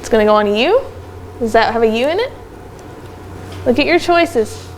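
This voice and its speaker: A woman teaching a second grade phonics lesson in a classroom, brisk and encouraging as she calls on pupils by name. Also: a little high, animated, slight background noise. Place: classroom with children.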